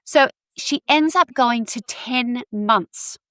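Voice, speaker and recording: A woman hosting a podcast, telling a true-crime story in a chatty, animated way with many asides. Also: fairly high pitch, takes it slowly, dry recording. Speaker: podcast host.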